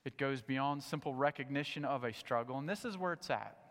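A man preaching a sermon to a church congregation, animated, swinging between loud emphatic points and low, quiet asides. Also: brisk, in a large hall. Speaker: pastor. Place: church sanctuary.

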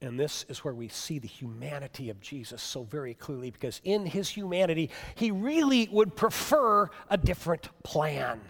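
Lively, high-voiced male preacher. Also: normal speed, gravelly, few pauses. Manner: storytelling, animated, dropping to hushed tones. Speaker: pastor. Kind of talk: sermon. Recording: long reverb of a hall.

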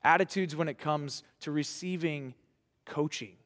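A man preaching a sermon to young people, earnest and rhetorical, with dramatic pauses. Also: fairly high pitch, fairly bright tone. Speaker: pastor. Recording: reverberant hall.

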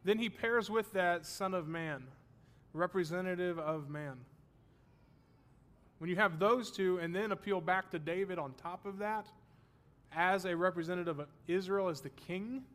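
A man's voice: high voice, a bit bright. A man teaching a Bible study class, explaining terms and checking that his students follow, with the odd self-deprecating joke.

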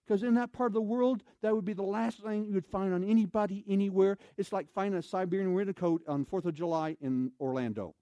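A man's voice: high voice, brisk, hardly any pauses, mellow, dry recording. A man preaching a storytelling sermon, acting out scenes and throwing questions to his audience.

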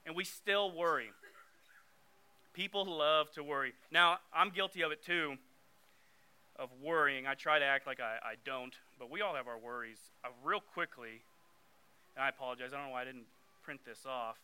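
A man's voice: mid-range voice, normal speed, bright, forceful tone, clean tone. A young man giving a conversational sermon, getting emphatic when he reads scripture aloud. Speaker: youth preacher.

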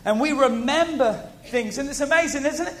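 A man preaching a sermon to a congregation, animated, repeating key phrases and asking the audience questions. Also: very high voice, moderate pace.

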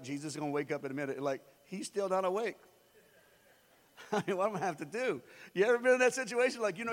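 A man with a very high voice preaches in a church, and his words ring out with long reverb. He talks in a loose, joking way with the congregation and builds up to shouts. The sound is of a live sermon in a big space. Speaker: pastor.

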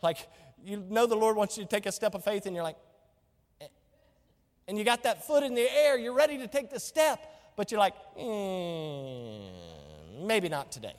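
A man's voice: high-pitched, fairly quick, in a large hall. A man preaching a sermon as pastor, emphatic and full of rhetorical questions.

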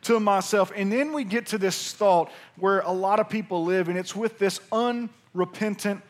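A pastor from Pearl, Mississippi, with a Southern accent preaches in a folksy, humorous storytelling style. His voice is high-pitched and his speed normal.

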